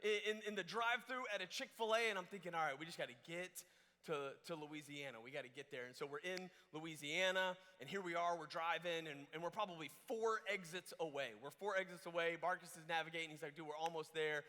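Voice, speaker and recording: Young male camp speaker, high bright voice, lively story sermon, long hall reverb. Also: fairly quick. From Georgia, US. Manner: animated, many restarts and fillers.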